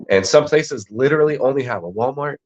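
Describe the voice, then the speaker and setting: A man's voice: medium pitch, a little fast, darkish tone. A man talking casually on a podcast as a guest, telling laid-back stories full of swearing. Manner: laid-back, profane storytelling. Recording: dull lo-fi mic.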